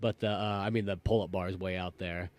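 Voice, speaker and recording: A man's voice: sits low, steady tone, brisk, darkish tone, dry recording. A man co-hosting a podcast, chatting casually and animatedly, swearing now and then and rambling with lots of fillers. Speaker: podcast co-host. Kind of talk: casual chat.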